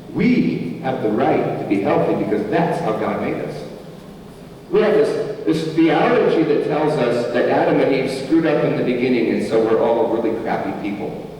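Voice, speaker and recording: A man's voice: medium pitch, dark tone, recorded from a distance, slight background noise. A man preaching a sermon as pastor, with an emphatic, repeating cadence. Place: church sanctuary. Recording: echoey hall, from afar.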